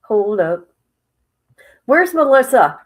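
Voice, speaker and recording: Slow-talking woman streamer. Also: on the high side, very animated, low-quality recording. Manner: reads aloud haltingly, then reacts with exclamations and asides to viewers; drops into whispers at times. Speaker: livestream host. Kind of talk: casual livestream commentary.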